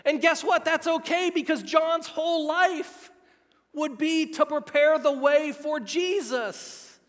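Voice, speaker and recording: Excitable high-voiced male pastor. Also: takes it slowly, big-room sound. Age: middle-aged. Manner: excitable, emphatic, swings between shouting and hushed tones. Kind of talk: sermon. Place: church sanctuary.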